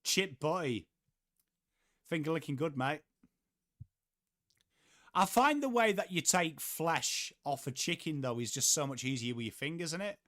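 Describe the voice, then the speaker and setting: A man's voice: fairly high pitch, lively intonation, a little slow, long pauses, a bit bright. A young man from England, chatting casually on a live sports watchalong, reading out viewers' messages and swearing offhandedly. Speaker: livestream host.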